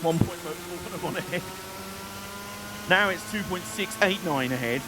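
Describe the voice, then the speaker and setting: A man's voice: sits high, unhurried, background noise. Man streaming a racing game. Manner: jokey, rambling, slips into silly put-on voices. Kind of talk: let's-play commentary.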